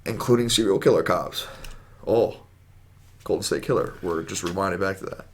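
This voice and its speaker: A young man with a fairly low voice co-hosts a loose, casual podcast. He rants in an animated way and swears freely. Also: moderate pace, breathy edge. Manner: animated, profane ranting. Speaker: podcast co-host.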